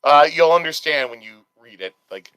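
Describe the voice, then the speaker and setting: Bright, clear-voiced man co-hosting a podcast. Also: a little high, lively intonation, normal speed, no echo, poor audio. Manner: explanatory, rambling with restarts. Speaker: podcast co-host. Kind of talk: casual chat.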